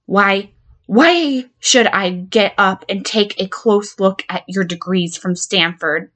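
In an audio drama monologue, a woman plays a volatile patient blackmailing her therapist, stammering and cursing as she veers between threats and pleas. Her slightly high, somewhat bright voice is slow, animated, and heavily acted, with a furious, threatening mood.

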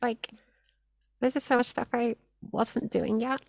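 A woman's voice: fairly high pitch, fairly even intonation, a little slow, creaky, darkish tone, dry recording, poor audio. A young woman, an audio creator, answering interview questions casually, upbeat, with frequent laughs and lots of "like". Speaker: audio content creator, guest.

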